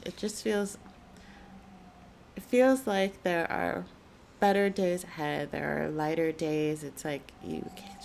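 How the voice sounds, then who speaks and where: A woman giving a soft, soothing channeled spiritual reading, with a gravelly morning voice. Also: lowish voice, a little hiss or hum. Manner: slow, soft and soothing, gentle guidance. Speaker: intuitive reader. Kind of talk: channeled tarot-style reading.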